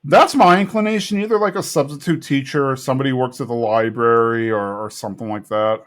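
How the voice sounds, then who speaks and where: A man co-hosting a podcast, his voice sitting at a middling pitch. He walks through a cartoon episode in a loose, rambling way, quoting the characters' lines as he goes. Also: fast. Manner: rambling plot retelling with quoted character lines. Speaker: podcast co-host. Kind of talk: casual recap chat.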